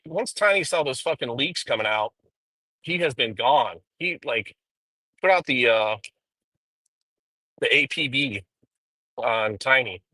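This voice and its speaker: A man's voice: mid-range voice, bright, forceful tone, no room sound, rough recording. A man streaming live while driving, rambling through profane drama commentary with frequent ums. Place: inside a car.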